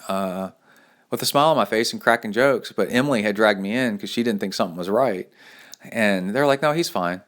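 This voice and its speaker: Rambling low-voiced male podcast host. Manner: rambling anecdotes, acts out quoted voices, laughs often. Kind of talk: casual solo podcast chat.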